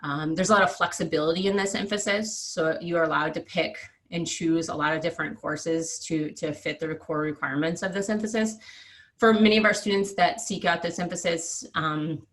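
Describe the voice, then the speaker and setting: A woman's voice: on the low side, steady tone, a little fast. A woman, presenting degree options in a virtual information session over a video call, explanatory with frequent ums. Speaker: university presenter.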